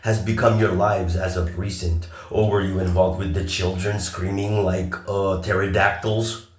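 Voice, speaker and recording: A man talking in a long, rambling monologue. He swears a lot, turns sarcastic, and stops often on filler pauses. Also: low voice, level tone, echoey room. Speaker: vlogger.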